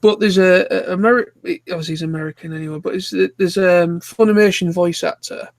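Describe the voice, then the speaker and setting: A man's voice: sits high, fairly even intonation, fairly quick, no echo. A man with a Yorkshire accent chatting casually in an online group call, rambling and digressing as he talks. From Yorkshire, England. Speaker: live chat co-host.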